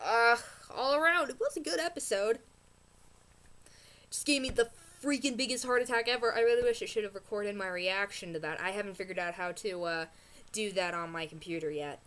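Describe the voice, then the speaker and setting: A woman vlogger ranting casually about a TV episode, excitable and rambling, gasping and exclaiming as she talks. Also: mid-range voice, normal speed, long pauses. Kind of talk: casual rant review.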